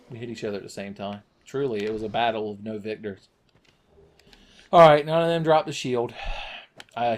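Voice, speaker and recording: A man's voice: on the low side, a little mellow, slight background noise. Crude joking man playing a game. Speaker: gaming channel host. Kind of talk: let's play commentary.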